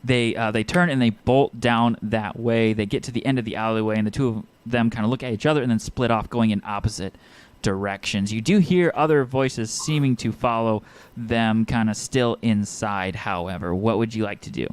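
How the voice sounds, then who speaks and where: A man's voice: fairly low pitch, moderate pace, smooth. Easygoing man narrating as game master. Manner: easygoing, descriptive, with filler words.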